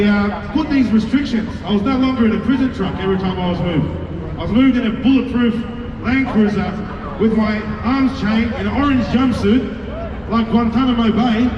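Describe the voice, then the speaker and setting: A man speaking to an outdoor city rally, wry and defiant, with jokes and asides. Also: high voice. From Australia. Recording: echoey, far-off, dull outdoor audio with crowd and noise.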